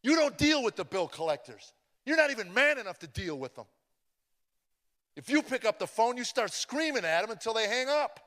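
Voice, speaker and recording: A man's voice: very high voice, very animated, a little fast, bright, forceful tone, voice pushed up, heavily acted. A man voicing his fed-up, frustrated wife, scolding and demanding. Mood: exasperated. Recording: long hall reverb.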